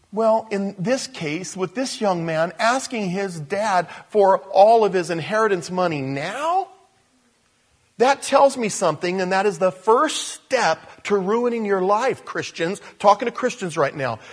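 In church, an older man with a high-pitched voice delivers a sermon at a measured pace as the pastor. Animated throughout, he spins stories and trades jokes with his congregation.

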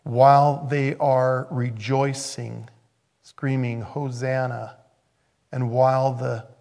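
A male pastor with a gravelly, fry-laced voice at a middle pitch, delivering a sermon. He preaches conversationally, pushing up into loud emphatic bursts and then dropping to hushed, near-whispered asides. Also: little pitch movement, takes it slowly.

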